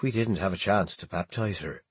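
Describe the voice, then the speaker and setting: A man's voice: deep voice, normal speed, breathy edge, no room sound. A man voicing a subdued young Irish pirate from County Clare, telling of his lost wife and baby. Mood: grieving. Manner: soft-spoken, subdued.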